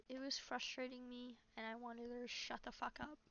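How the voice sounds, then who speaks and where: A young woman venting in a casual, rambling monologue, halting often, swearing a lot and dropping to a near whisper. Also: fairly high pitch, little pitch movement, sharp tone. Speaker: vlogger. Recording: dull lo-fi recording.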